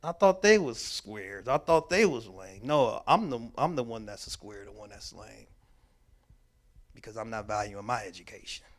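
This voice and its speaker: This workshop speaker has a lowish voice and talks at a normal speed. At a church mental health workshop, he animatedly relates stories, voicing each person's quoted lines and emphatically repeating important words.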